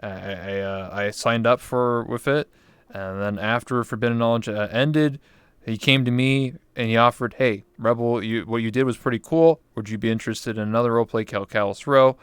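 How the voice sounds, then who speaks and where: A man's voice: medium pitch, fairly even intonation, normal speed, clear, resonant tone, no room sound. Man, young, Canadian, host, casual, rambling, swears, resonant voice. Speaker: interview show host. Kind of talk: casual chat.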